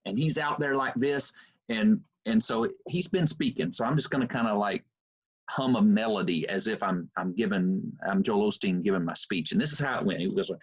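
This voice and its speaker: Man, lecturer, animated storyteller, husky voice, muffled Zoom recording. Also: on the low side, normal speed, dry recording. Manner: animated, conversational, many fillers. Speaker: university lecturer. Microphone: computer mic on video call.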